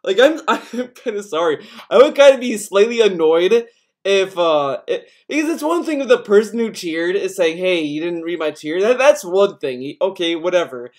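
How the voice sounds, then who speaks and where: A man's voice: high-pitched, big pitch swings, moderate pace. A man hosting a casual podcast stream, rambling through chat topics with frequent swearing and restarts. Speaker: podcast host reading chat.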